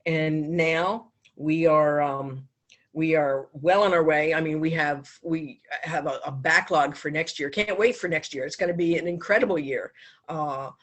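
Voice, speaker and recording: A woman in her fifties giving a heartfelt speech at a club meeting, telling a personal story with pauses and restarts. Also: low-pitched. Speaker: foundation speaker at a club meeting.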